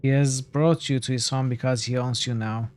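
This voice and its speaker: A man voicing a mindless male golem guard, reading game dialogue aloud in flat, repetitive orders. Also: mid-range voice, moderate pace, natural voice. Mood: monotone.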